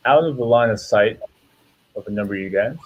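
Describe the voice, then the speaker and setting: Male game master, relaxed, descriptive narration. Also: on the low side, brisk, slightly rough, narrow, tinny audio.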